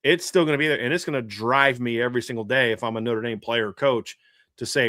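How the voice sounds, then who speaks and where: A man's voice: mid-range voice, fast talker, bright, forceful tone, no room sound, clean studio sound. A man from the American South chatting casually as a sports podcast co-host, rambling with frequent restarts. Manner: rambling, restarts, laughs often.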